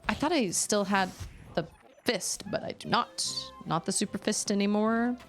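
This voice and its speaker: Faint music plays behind a woman with a mid-range voice who talks at normal speed. She's a gaming streamer, rambling and exclaiming casually as she plays.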